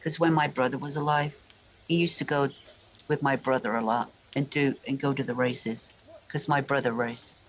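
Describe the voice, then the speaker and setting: A man's voice: medium pitch, steady tone, moderate pace, a little hiss or hum, poor audio. A man from England telling rambling family stories, full of restarts and asides. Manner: meandering, frequent restarts and asides. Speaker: vlogger. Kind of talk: rambling personal storytelling.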